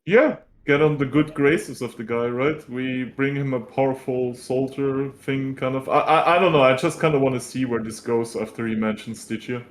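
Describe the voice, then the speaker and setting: A man's voice: mid-range voice, moderate pace, few pauses, slight background noise. A man playing a tabletop game, talking casually and chattily, often checking with the group. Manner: chatty, keeps asking "right?". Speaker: player.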